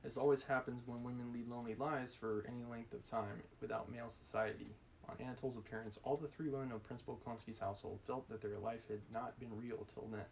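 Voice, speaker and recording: A man's voice: mid-range voice, fairly even intonation, fast, creaky, few pauses, a little mellow, a little hiss or hum, poor audio. A man hosting a live stream, reading a classic novel aloud in a casual way with joking asides and small slips. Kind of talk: casual read-aloud with commentary.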